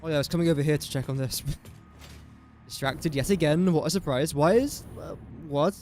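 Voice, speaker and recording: A man's voice: fairly high pitch, normal speed, darkish tone, faint music behind. Rambling man streaming a game. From England. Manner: rambling self-talk, easily sidetracked. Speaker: gaming streamer. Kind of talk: casual gameplay commentary.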